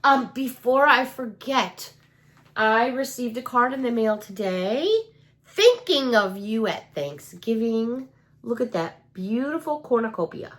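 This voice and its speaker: A woman's voice: on the high side, expressive, measured pace, a bit bright. A middle-aged woman with a Chicago accent chats casually through a shopping haul, gushing over cute finds and asking her viewers questions. Her nose is still stuffy and her sense of smell has not fully come back. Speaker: haul vlogger. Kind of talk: casual show-and-tell chat.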